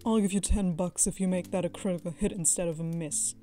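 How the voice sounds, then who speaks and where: A woman's voice: lowish voice, fairly even intonation, a little fast, mellow, soft background music, lightly acted. A woman voicing an irritated man at a tabletop game who talks curtly and bluntly. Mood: annoyed. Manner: curt, blunt. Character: irritated grudging male ranger player.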